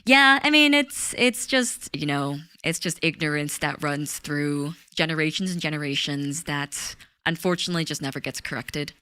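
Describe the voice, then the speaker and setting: Woman vtuber, mandarin first language, bit of southern and british in her vowels, super lively pitch, dry close mic. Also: clean tone, no echo. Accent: slight mix of Southern US and British vowels. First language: Mandarin Chinese. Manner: animated, quick to laugh, talks to chat. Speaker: VTuber streamer. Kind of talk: casual live-stream chat, reading chat aloud.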